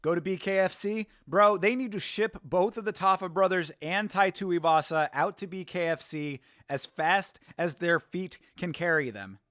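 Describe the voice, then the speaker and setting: A man's voice: high-pitched, normal speed, few pauses, no room sound. Dry-voiced profane man commentating fights. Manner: animated, profane, sarcastic, laughs often. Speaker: show host. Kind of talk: casual live watch-along commentary.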